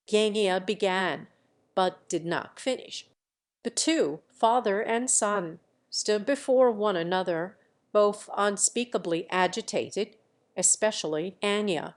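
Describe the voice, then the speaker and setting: A woman narrating a classic novel in a measured, deliberate reading. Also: medium pitch. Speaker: audiobook narrator.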